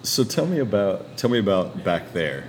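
Male interviewer, very low voice, casual and repetitive prompts. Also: very animated, normal speed. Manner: prompting, repeats his questions. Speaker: podcast host.

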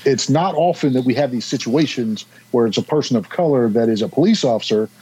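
A man with a mellow, husky voice puts his questions to the panel in a relaxed way. His tone stays easygoing. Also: mid-range voice, fairly quick, rough recording. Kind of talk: casual panel discussion.

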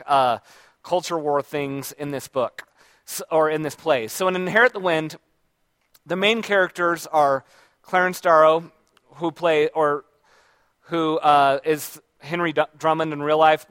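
A man's voice: fairly high pitch, fairly bright tone, clear, resonant tone, no room sound. Man rambling casually about books. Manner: rambling, reflective, with many restarts. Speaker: book reviewer. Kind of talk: casual book talk.

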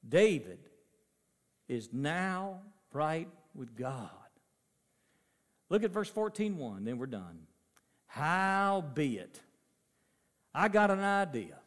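A middle-aged male pastor preaching a sermon, swinging from loud emphasis to soft, low asides. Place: church sanctuary. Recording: long church reverb.

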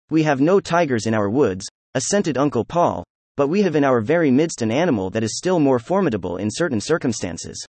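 A man reading an old children's nature book aloud as an audiobook narrator, in a steady, even storytelling manner. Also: mid-range voice, no room sound. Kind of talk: scripted narration.

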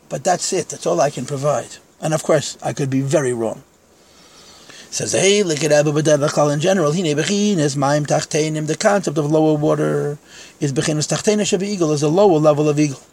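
A man's voice: a little high, a little mellow. A man teaching a text-study lecture in Yeshivish English, conversational, with frank self-deprecating asides.

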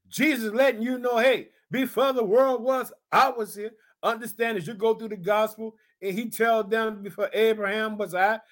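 A man preaching an exuberant podcast sermon as a pastor, repeating exclamations and breaking into shouts of praise. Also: very high voice.

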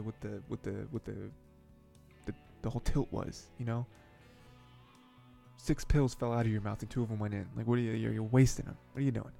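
A man's voice: on the low side, little pitch movement, moderate pace, gravelly, mellow, soft background music. A man hosting an anime podcast, recapping episodes in a rambling, chatty way with frequent chuckles and fillers. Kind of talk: casual episode recap and commentary.

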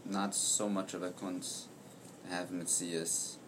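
Deep monotone guy in a study group, slow steady explaining, hissy recording. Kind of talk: Torah study class discussion.

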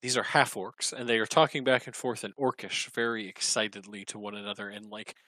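A man's voice: on the low side, fairly even intonation, fairly quick, bright, forceful tone, dry recording. A man running a tabletop game as game master, narrating scenes and calling for rolls, often trailing off and restarting.

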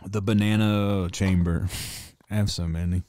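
Low-voiced man in profane rambling podcast chat. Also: fairly even intonation, a little slow, dark tone, dry recording, studio quality. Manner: rambling, profane, laughing asides. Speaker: podcast host. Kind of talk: casual chat.

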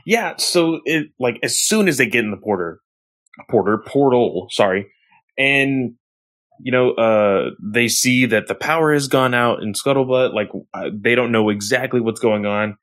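A man co-hosting a casual comic book podcast, recapping a plot in a halting way full of fillers and self-corrections. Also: mid-range voice, fairly bright tone.

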